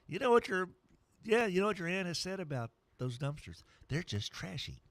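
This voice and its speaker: Lively, jokey male radio host. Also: high-pitched, fairly quick, no echo. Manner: playful, jokey, mock-whispers and funny voices during ad reads. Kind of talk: morning sports radio banter and live ad reads.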